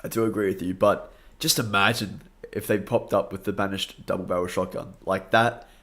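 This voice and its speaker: A man's voice: sits low, fairly even intonation, moderate pace, fairly bright tone. A young Australian man chatting upbeat on a late-night live stream, greeting viewers by name and laughing often, a bit tired. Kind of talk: casual live stream chat.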